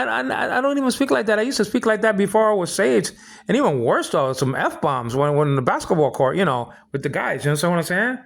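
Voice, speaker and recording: Man, high gravelly voice, rambling indignant rant full of stammered restarts. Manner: indignant complaining. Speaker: vlogger. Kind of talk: ranting personal monologue.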